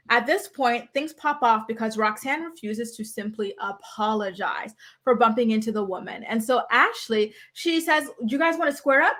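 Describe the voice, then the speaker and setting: A woman hosting a reality TV recap, talking in an animated, sassy way and mocking the cast. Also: a little high. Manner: animated, sassy, quotes people in mocking voices. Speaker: host.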